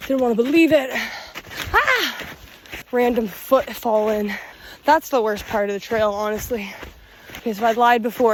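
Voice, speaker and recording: Young woman solo hiker talking to a handheld camera, slightly high voice, winded and frustrated, faint outdoor noise. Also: lively intonation, moderate pace, pauses often. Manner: tired, frustrated, swearing, laughing it off. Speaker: solo backpacking vlogger. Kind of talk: casual vlog narration while hiking. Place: outdoors on a forest trail.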